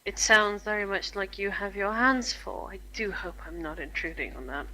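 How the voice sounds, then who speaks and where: A gracious noble lady with a formal, lightly flirtatious manner, as a woman player voices her. Her voice is bright and forward. A faint hum sits behind her. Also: medium pitch, normal speed, close to an everyday voice, low-quality recording. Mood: polite.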